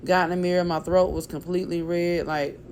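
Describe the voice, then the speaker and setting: A woman's voice: fairly low pitch, flat delivery, a little fast, a little mellow, slight background noise. A woman vlogger telling a personal story in a casual, chatty way, acting out what other people said and filling her speech with "like" and "you know". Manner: many fillers like "like" and "you know".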